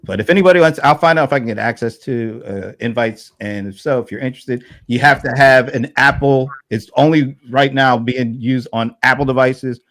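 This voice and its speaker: A middle-aged man hosting a casual panel show, talking in a relaxed, rambling way with restarts and laughs. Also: mid-range voice, a little fast, hardly any pauses. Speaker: host.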